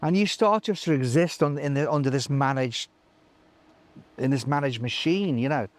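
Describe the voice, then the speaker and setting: A middle-aged live sound engineer telling animated stories in an interview, acting out other people's voices with many restarts. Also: male voice, mid-range voice, moderate pace. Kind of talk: anecdotal interview chat.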